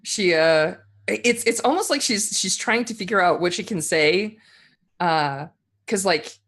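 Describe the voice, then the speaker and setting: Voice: mid-range voice, lively intonation, a little slow, a bit bright. A game master narrating a tabletop game scene, with many fillers and restarts. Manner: hesitant, filler-heavy narration.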